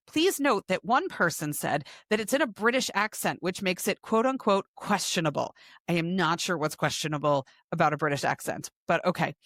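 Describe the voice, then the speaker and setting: A woman's voice: lowish voice, sing-song, fairly quick, fairly bright tone, dry recording. A woman co-hosting a podcast in casual chat, reading out a long list with dry asides. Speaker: podcast co-host.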